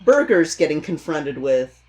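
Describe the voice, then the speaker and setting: Low-voiced woman podcast co-host. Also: sing-song, measured pace, a little mellow. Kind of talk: casual chat.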